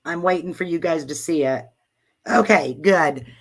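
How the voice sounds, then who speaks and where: A woman's voice: sits low, normal speed. A woman hosting a casual livestream, chatty and often sidetracked by technical troubles. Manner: chatty, distracted by tech troubles. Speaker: host.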